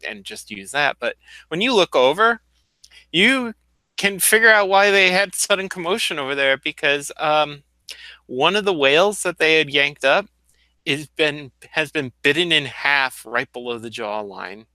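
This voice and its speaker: Guy running a tabletop game, super bright voice, dry sound, lots of ums and restarts. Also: on the high side, animated, measured pace, no room sound, poor audio. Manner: explanatory, loose with many fillers and restarts. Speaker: game master.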